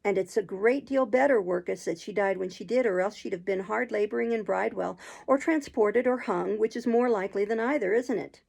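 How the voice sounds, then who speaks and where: A woman's voice: medium pitch, fairly quick, vocal fry, few pauses, darkish tone, breathy edge. A woman voicing Noah, a jeering, cowardly charity boy who taunts and sneers, reading a storybook. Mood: sneering. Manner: sneering, taunting, then blubbering.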